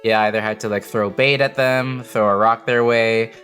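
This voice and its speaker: A man's voice: on the low side, steady tone, moderate pace, a bit bright, soft background music. A man narrating as game master, explaining rules with many fillers and restarts.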